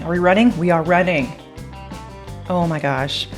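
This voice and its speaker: A woman's voice: lowish voice, fairly even intonation, moderate pace, soft background music. A young woman YouTuber reacting to a game trailer in a bubbly, chatty way, gasping and giggling as she talks. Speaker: gaming YouTuber.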